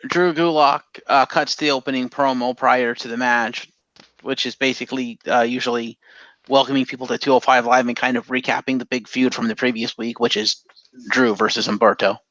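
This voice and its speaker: A man's voice: medium pitch, steady tone, brisk, a bit bright, dry recording, dull audio. A man co-hosting a casual podcast, recapping in a rambling way with frequent swearing. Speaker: podcast co-host. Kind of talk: casual chat.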